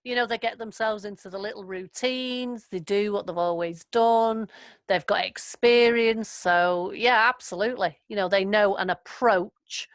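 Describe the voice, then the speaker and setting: A woman's voice: medium pitch, a little slow, no room sound. A woman leading an online training session over a video call, chatty and affirming. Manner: chatty, affirming, laughs often. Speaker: workshop facilitator.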